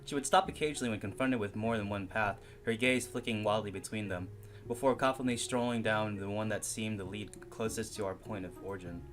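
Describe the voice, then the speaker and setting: A man reading a visual novel game aloud, with giggly, excitable asides and frequent laughter. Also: fairly low pitch, a little fast, soft background music.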